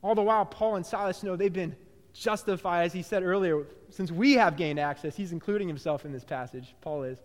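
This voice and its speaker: A male pastor preaches with a high voice that rings through a hall with long reverb. He swings from loud, excited bursts to hushed, low, slowed phrases. He repeats and restarts his words often as he builds each point. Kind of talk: sermon.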